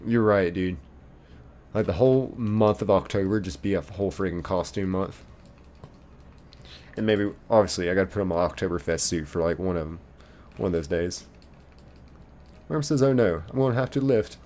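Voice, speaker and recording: A man's voice: low-pitched, normal speed, pauses often, a little mellow. A man live streaming a game, reading viewers' chat messages aloud and answering them playfully. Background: faint game music.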